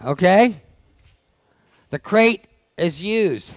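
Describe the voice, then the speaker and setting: A blunt, high-voiced dog trainer leads a live seminar in a seminar room, teasing his audience and firing questions at them. He speaks slowly and pauses often, and there is no echo.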